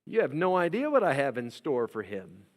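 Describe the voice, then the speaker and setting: A man's voice: mid-range voice, huge pitch swings, normal speed. A man voicing a deity who casually reassures a worried follower. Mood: reassuring. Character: confident reassuring male deity.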